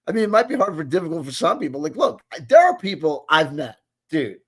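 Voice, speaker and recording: A man in his late forties hosts a casual reaction commentary, rambling, cursing, and constantly asking "you know what I mean." His voice is on the high side and sing-song, with a breathy edge, and he talks fast.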